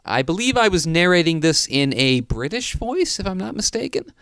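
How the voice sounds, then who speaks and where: Tired, sarcastic young man with lively pitch. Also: normal speed, smooth, no echo, clean studio sound. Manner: sarcastic, mock-serious asides. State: tired, mouth healing from a tooth pulled. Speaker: YouTuber reading stories aloud. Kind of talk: comedic reading with commentary.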